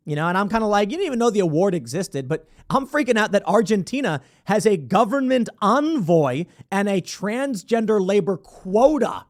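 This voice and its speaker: A man's voice: high voice, sing-song, brisk, a little mellow. A man hosting a commentary show, reading a news story aloud and mocking it with sarcastic asides and acted-out imagined exchanges. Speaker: show host.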